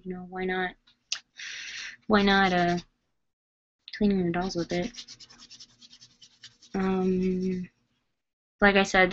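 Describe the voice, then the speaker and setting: A woman's voice: lowish voice, bright, forceful tone, muffled recording. A woman vlogger chatting casually about her dolls as she works on them, rambling with plenty of fillers. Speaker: doll collector vlogger. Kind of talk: casual chat while working.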